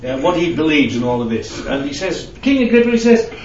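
Very animated and brisk, a man with a medium-pitched, slightly mellow voice gives a conversational sermon full of audience questions and anecdotes. The sound is lo-fi, dull, roomy and distant, with faint ambience and some slight hiss or hum.

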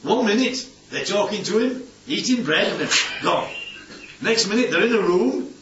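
Man preaching in a lively, sing-song way to a small gathering, heard from across a roomy hall on a dull, muffled recording with faint room noise behind him. He talks conversationally and keeps asking "yeah?". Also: sits high, moderate pace, distant mic. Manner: chatty, keeps asking "yeah?", playful asides. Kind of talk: informal Bible-study sermon. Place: church hall with congregation.

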